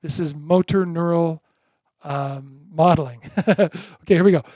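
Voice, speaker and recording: Drum teacher, beginner lesson, encouraging, rhythmic chanting, slow-paced, dry. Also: medium pitch, darkish tone, dry recording.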